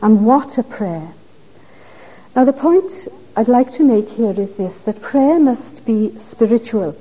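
A woman's voice: on the high side, lively intonation, takes it slowly, warm tone. A woman preaching a sermon, pressing her listeners with earnest, pleading questions. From Wales. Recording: dull lo-fi recording.

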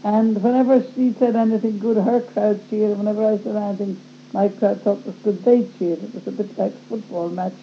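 A woman's voice: medium pitch, steady tone, a little fast. A woman telling a personal story in a plain, wry way, recorded on a dull lo-fi tape with a faint hum. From Ireland. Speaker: speaker giving testimony.

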